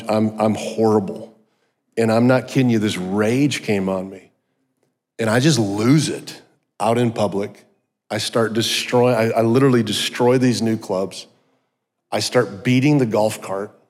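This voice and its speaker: Middle-aged guy preaching his testimony in a big hall, lots of echo, jokey and animated. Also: medium pitch. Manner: animated storytelling with joking asides. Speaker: guest speaker. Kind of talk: personal testimony sermon. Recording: long hall reverb.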